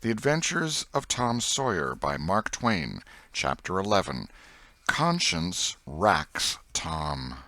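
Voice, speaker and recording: Deep-voiced male audiobook narrator. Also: takes it slowly, dry recording. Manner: dramatic, expressive reading.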